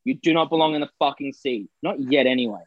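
A man's voice: mid-range voice, fast talker, no room sound, muffled recording. A young Australian man co-hosting a podcast, telling stories in casual, sweary chat and mimicking the people he quotes. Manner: sweary storytelling, puts on voices for quoted people. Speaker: podcast co-host.

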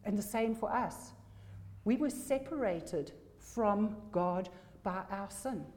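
A woman delivers a sermon in a mellow, warm voice. She is emphatic and hammers home key phrases through repetition. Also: medium pitch, slow. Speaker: preacher.

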